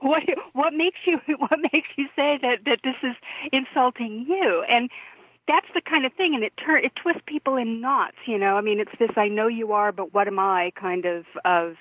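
Woman co-host on a phone line, tinny and dry, animated and incredulous, laughing through her talk. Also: high voice, moderate pace, slightly rough, dry recording. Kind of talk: political commentary chat.

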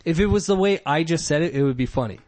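A man in casual comedic chat, profane and laughing often as he mocks a movie's scenes with quick impressions. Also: a little high, animated, a little mellow.

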